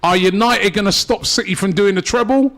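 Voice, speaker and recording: A man hosting a live football watchalong, reading viewer comments in a relaxed, chatty way. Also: high-pitched, a little fast. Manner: laid-back, reads out viewer comments. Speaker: host.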